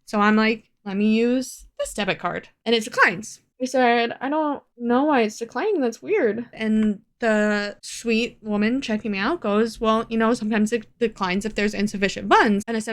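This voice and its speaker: A young woman talks straight to her camera in a casual storytime vlog. She is candid and swears freely, and laughs now and then as she vents. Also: fairly high pitch. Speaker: vlogger.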